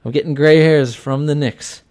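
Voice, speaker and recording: A man in his thirties hosting a sports talk radio show, chatty and energetic, repeating himself for emphasis. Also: fairly high pitch, normal speed, no echo. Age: 30s. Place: small web radio studio.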